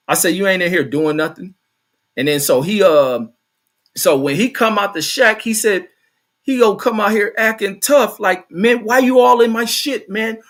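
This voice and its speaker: Profane, animated storyteller man. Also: fairly high pitch. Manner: profane, animated storytelling, reading chat comments aloud. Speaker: host. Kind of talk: casual storytelling.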